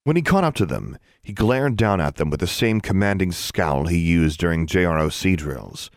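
A man narrating an audiobook in an expressive storytelling manner. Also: deep voice, normal speed, no echo, studio quality.

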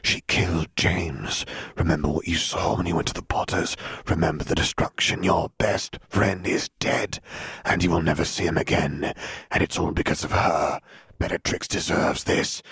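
A man voicing a calm, manipulative young male wizard who speaks softly and persuasively. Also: low voice, moderate pace, no room sound, clean studio sound, heavily acted. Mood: coaxing. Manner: soft, smooth, persuasive. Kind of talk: audiobook character voice.

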